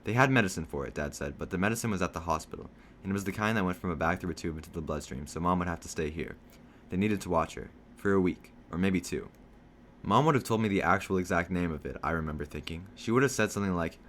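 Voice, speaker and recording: A man reading a novel aloud, telling a first-person story in a steady storytelling manner. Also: low-pitched, fast, slight background noise. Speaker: reader.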